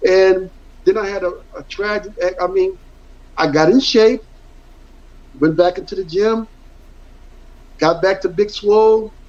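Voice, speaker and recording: In a candid interview, a middle-aged man who used to play football rambles earnestly through his story, repeating words to stress them. He speaks a little slowly in a high, slightly mellow voice with long pauses, captured on dull lo-fi audio.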